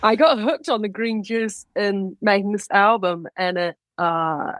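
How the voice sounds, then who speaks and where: A woman with a New Zealand accent chats with animated, playful energy as a podcast guest, joining by video call. Her voice sits in a middling range, and the sound is close and dry. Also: mid-range voice, unhurried, no echo. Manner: animated, playful, laughing easily. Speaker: guest musician. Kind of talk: casual chat.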